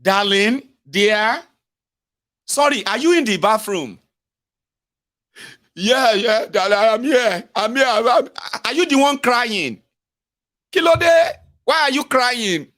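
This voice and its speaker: A man with a Nigerian accent voicing a fussing middle-aged wife who dotes on her husband with gentle mockery. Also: a little high, animated, a little slow, voice pushed up. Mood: alarmed, doting. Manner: doting, teasing, gently mocking.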